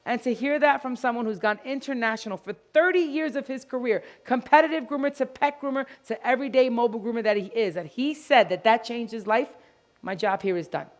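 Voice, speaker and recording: A woman giving an animated, playful live product demonstration to an audience at a store grand opening event. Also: on the high side, a little fast. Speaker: product educator.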